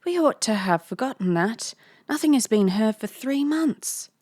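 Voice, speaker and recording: A woman doing a gruff old squire. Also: a little high, animated, normal speed, darkish tone, no echo, clean studio sound. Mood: dismissive.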